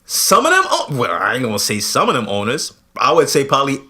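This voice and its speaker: A man co-hosting a podcast in casual chat, posing drawn-out rhetorical questions. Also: mid-range voice, huge pitch swings, sharp tone. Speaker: podcast co-host.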